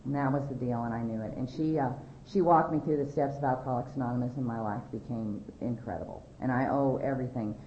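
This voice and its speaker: A woman with a low, deep-set voice gives a personal testimony at a recovery meeting. She tells her story candidly and mocks herself as she goes. The recording is dull and lo-fi, with the roomy echo of a hall. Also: quick pace, a little hiss or hum. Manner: candid, self-mocking storytelling with frequent laughter. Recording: echoey, dull lo-fi room recording.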